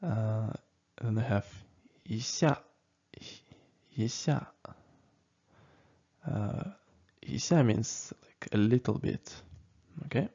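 Male teacher, very slow and halting delivery, gravelly husky voice, dull lo-fi sound; checks in with "okay?" often. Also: fairly low pitch, lively intonation, mellow. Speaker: language teacher. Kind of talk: casual spoken lesson. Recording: dull lo-fi recording.

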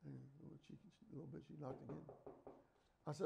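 A middle-aged man preaches a fervent sermon. His voice sits a little high and has a gravelly edge. He moves from loud exhortation to quiet, confiding storytelling. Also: fairly even intonation, fairly quick. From United States.

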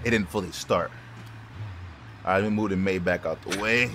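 A man giving loud, profane, excitable commentary over his car game, with quick shouted outbursts. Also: deep voice. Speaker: gaming YouTuber. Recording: noisy game audio behind the voice.

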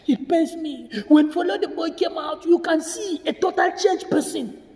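A man's voice: extremely high pitch, normal speed, dark tone, roomy sound, long reverb tail. A man talking to his viewers in an emotional video commentary, tearful and repeating himself as he appeals to them. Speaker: vlogger.

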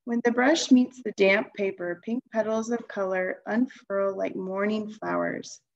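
A woman reading a children's novel aloud in a calm, even storytelling voice. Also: medium pitch, measured pace, lo-fi sound. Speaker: reader.

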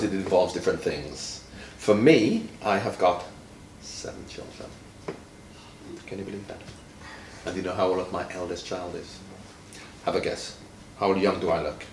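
A man's voice: deep voice, a little mellow. A man in his fifties from Jamaica, a retired footballer chatting with a child, playful and quizzing, stretching words for emphasis. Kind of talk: friendly teaching chat with a child. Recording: roomy, from far off, faint noise.

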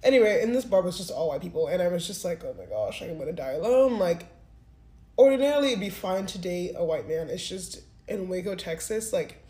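A woman's voice: on the low side, dark tone. Woman, twenties, casual candid vlog storytelling, rambling delivery, echoey room. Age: 20s. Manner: candid, rambling, heavy use of "like". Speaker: vlogger. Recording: roomy echo.

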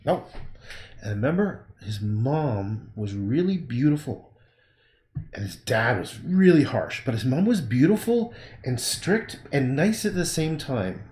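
A man's voice: medium pitch, big pitch swings, measured pace, a little mellow, reverberant. A man thinking aloud in a rambling, casual way as he paints during a livestream, often breaking off and muttering to himself. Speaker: painter livestreaming his work.

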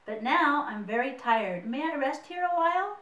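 A woman's voice: high voice, expressive, normal speed, a bit bright, far from the mic. A woman voicing an eager young mouse. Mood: earnest. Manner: earnest and polite. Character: eager young male mouse, hopeful dreamer. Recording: roomy, mic set away.

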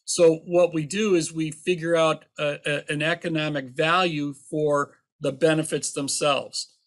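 A man's voice: fairly high pitch, little pitch movement, a little slow. A man who is an accountant and author, answering interview questions with emphatic, teasing explanations and everyday examples.

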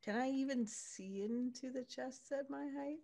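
A woman's voice: sits high, moderate pace, gravelly, mellow. Chatty woman tabletop player. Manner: chatty, with restarts. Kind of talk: tabletop role-play chat.

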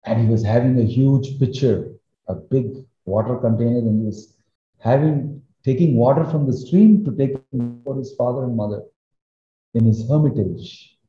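A man, a spiritual teacher, retelling a sacred story in a lively discourse with emphatic rises. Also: medium pitch, moderate pace. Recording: roomy, slightly dull recording.

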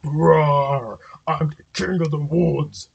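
A man voicing a big bragging bear in a storybook reading, roaring his boasts out loud. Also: fairly high pitch, fairly even intonation, takes it slowly, vocal fry, breathy edge, highs cut off, full character voice.

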